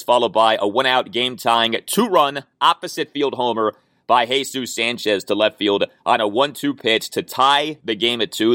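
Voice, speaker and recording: A man hosting a sports podcast, delivering an emphatic, opinionated monologue that jumps up in pitch to stress his points. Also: fairly bright tone, no echo, studio quality. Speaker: podcast host.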